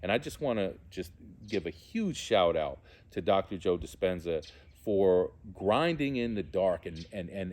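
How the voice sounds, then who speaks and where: Speaking from the heart, a man who is a theologian and musician shares his personal spiritual testimony, frequently stopping to search for words. The voice is fairly low, earnest, and darkish.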